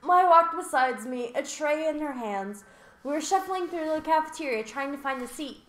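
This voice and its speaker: A young woman with a high, bright voice reads a visual novel aloud for a let's play. She is animated and playful, breaking off for laughs and crude jokes. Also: moderate pace. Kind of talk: reading a visual novel aloud with joking asides.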